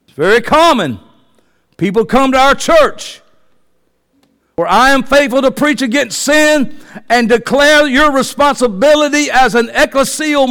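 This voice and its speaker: Male pastor, 50s, high-pitched, passionate pulpit delivery, church-hall reverb. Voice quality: passionate, swings from soft to shouting. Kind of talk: fiery sermon. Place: church sanctuary.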